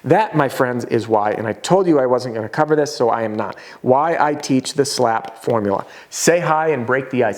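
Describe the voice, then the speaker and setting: An energetic man runs a casual sales lesson at a whiteboard. His voice sits in a middle pitch, and he talks in a chatty, conversational way with quick asides. Now and then he jumps into a homeowner's voice to act out a scene. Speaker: roofing sales trainer.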